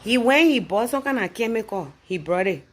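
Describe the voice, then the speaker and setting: Animated Liberian woman telling a story. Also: brisk. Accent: Liberian English. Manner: animated, rising loud and high when arguing her point. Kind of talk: comic anecdote told to camera.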